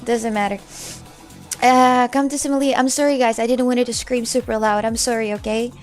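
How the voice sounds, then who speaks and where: A young woman, streaming live and chatting casually with her chat, loud and swearing freely as she reads messages aloud. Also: a little high, steady tone, normal speed, soft background music. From Russia. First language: Russian. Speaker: livestreamer.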